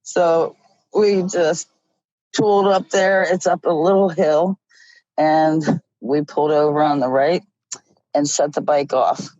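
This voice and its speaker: A middle-aged woman from Ohio, appearing as a guest, shares a story in casual fashion, speaking slowly in a low voice and laughing often in an animated way. The audio is dull and lo-fi, recorded close and dry with no room sound or echo.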